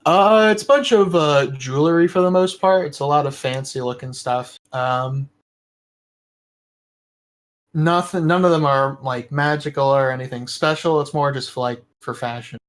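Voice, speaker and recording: A man's voice: on the high side, normal speed, poor audio. A man narrating as game master of a tabletop game, describing scenes in a loose, rambling way and laughing often.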